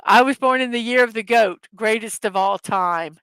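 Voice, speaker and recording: A woman's voice: on the high side, normal speed, a bit bright, smooth, dry recording. A woman hosting a casual morning livestream, chatting loosely, laughing easily at her own jokes and correcting herself mid-sentence. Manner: rambling, self-correcting. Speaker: livestream host.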